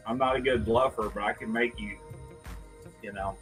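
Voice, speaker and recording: A man's voice: on the low side, steady tone, normal speed, a bit bright. A man with a Southern drawl co-hosting a casual livestream, joking and teasing. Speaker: co-host. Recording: faint background music.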